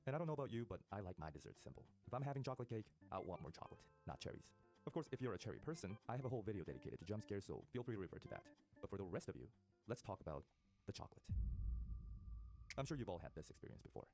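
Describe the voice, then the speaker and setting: Male video essayist, scripted narration, lowish voice, very fast and expressive. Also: soft background music. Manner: polished, wordy, fast.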